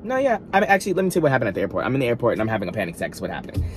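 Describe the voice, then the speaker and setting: Animated man telling a dramatic story. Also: mid-range voice, very fast, faint music behind. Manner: animated, dramatic retelling with frequent asides and restarts; talks straight to viewers. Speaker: vlogger. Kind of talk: storytime monologue.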